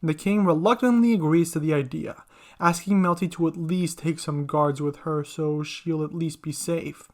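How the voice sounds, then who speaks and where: Narrator for a fan fiction audio story, even middle-pitched voice, reads all parts. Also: normal speed.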